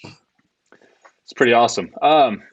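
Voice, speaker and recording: A man hosts a casual podcast and guides the chat in an easy, unhurried way. His voice sits at an ordinary middle pitch. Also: dull audio. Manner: relaxed, wrapping up the show. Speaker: podcast host.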